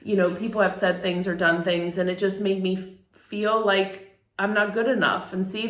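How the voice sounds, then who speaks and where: A woman's voice: mid-range voice, expressive, unhurried, a bit bright. A middle-aged woman, a photographer, telling a personal story in a candid, emotional way, laughing now and then and using many fillers. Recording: echoey room.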